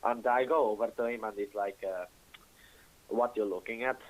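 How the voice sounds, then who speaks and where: Pria, bahasa ibu Rusia, penelepon, bahasa Inggris patah-patah, bersemangat, suka mengumpat. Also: male voice, lowish voice, moderate pace, rough recording. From Russia. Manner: broken English, excitable, swears, acts out shouting voices. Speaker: caller. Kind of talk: storytelling on a call-in show.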